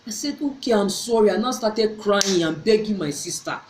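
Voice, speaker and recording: A woman's voice: mid-range voice, lively intonation, moderate pace, background noise. A middle-aged woman tells a personal story to her viewers, earnestly, often repeating and restarting her phrases. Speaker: vlogger. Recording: echoey room.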